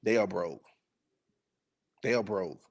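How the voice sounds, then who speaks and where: A man's voice: deep voice, expressive, slow pace, gravelly, husky. A man giving sassy, teasing commentary while reacting to a reality show.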